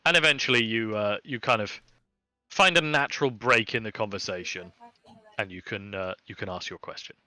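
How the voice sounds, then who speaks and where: A man narrating a tabletop game as dungeon master, relaxed and chatty with lots of fillers. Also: fairly low pitch, moderate pace, no room sound, soft background music.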